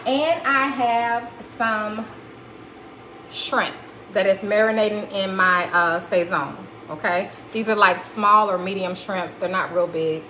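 A woman's voice: medium pitch, takes it slowly, background noise. A woman hosting a live cooking demonstration in her kitchen, chatty and folksy, calling viewers honey and y'all. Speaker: cooking show host. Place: home kitchen.

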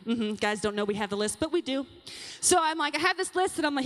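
A young woman speaking to a women's session at a youth conference, animated and confiding, talking straight to the audience. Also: high-pitched, fast talker. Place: large conference hall. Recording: long hall reverb from a large venue.

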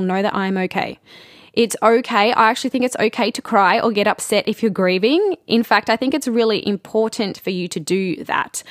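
A woman in her thirties, a spiritual intuitive hosting a personal podcast, speaking gently and reflectively with many pauses and fillers. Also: mid-range voice, dry recording, clean studio sound.

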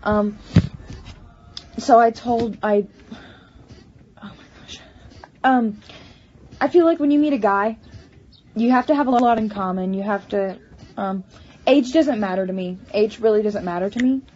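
A woman's voice: medium pitch, darkish tone, a little hiss or hum. Hesitant, stammering young woman vlogger. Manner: halting, many restarts and stammers. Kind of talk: casual personal vlog. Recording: slightly muffled home recording.

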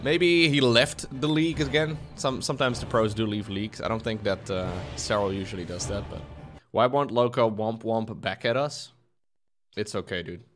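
A man's voice: fairly low pitch, normal speed, soft background music. A young man streaming games, chatty and sarcastic, who laughs often. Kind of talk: casual gameplay commentary.

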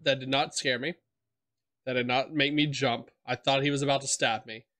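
A man's voice: medium pitch, steady tone, moderate pace, pushed and bright. A man commentating on his own horror game play, jumpy and swearing, talking back to the characters on screen. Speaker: gaming streamer.

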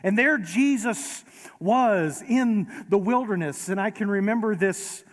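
A man preaching a sermon as pastor, conversational and gently humorous, in a large church sanctuary. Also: on the high side. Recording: long reverb of a large hall.

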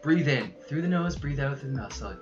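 A young man livestreaming a card unboxing, excitable and loud, saying yo over and over and laughing as he goes. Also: mid-range voice, a little fast, lo-fi sound, soft background music. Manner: hyped, keeps saying yo, yells and laughs. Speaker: streamer unboxing trading cards. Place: his room at home.

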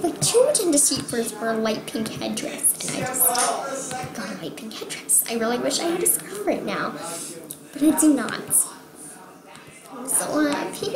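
A young woman vlogging about a game, excitable and rambling, often dropping to a whisper. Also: fairly high pitch, moderate pace, crowd noise. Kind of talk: casual gaming vlog. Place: home room. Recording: echoey room with background noise. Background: TV sports broadcast playing.

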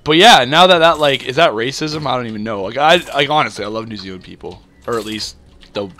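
A man's voice: medium pitch, lively intonation, quick pace, pushed and bright. A young man from Canada rambling through casual gameplay commentary, full of fillers and self-deprecating asides. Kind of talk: casual let's-play commentary.

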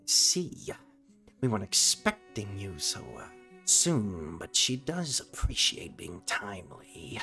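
A man's voice: fairly low pitch, very animated, slow pace, sharp tone, faint music behind, heavily acted. A man voicing a tiny, fussy male pug who huffs and puffs as he speaks, in a tabletop role-play game. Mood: officious. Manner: huffing and puffing.

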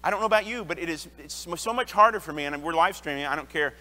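A man's voice: fairly high pitch, fast talker, bright, forceful tone. A man in his thirties, an associate pastor, preaching an earnest sermon in a church and telling personal stories, often restarting his sentences. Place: church sanctuary. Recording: long church hall reverb.

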